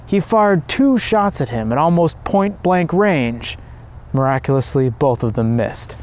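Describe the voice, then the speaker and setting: A man giving measured, reverent scripted narration of a devotional story. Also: a little high, animated.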